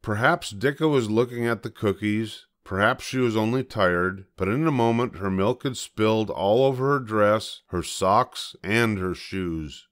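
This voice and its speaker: An older man reads a children's storybook aloud in a gentle, measured way. His voice sits a little low for a man, calm and steady.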